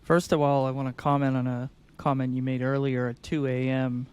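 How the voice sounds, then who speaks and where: Smooth-voiced energetic man on a podcast. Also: mid-range voice, a little fast. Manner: energetic, acts out sing-song sales calls. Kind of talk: conversational podcast explanation.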